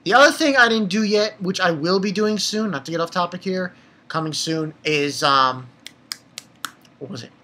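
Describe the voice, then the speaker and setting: A young adult anime reviewer giving a casual episode recap, rambling and excitable and swearing freely. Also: medium pitch, normal speed.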